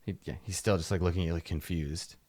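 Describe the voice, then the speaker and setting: A man running a tabletop game as game master, narrating in a halting way with many fillers and restarts. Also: low voice, steady tone, a little mellow, dry recording.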